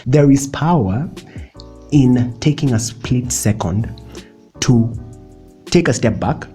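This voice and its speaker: A man's voice: medium pitch, warm tone. A young man giving chatty, playful motivational advice in a casual vlog, laughing often and dropping in slang. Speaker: vlogger.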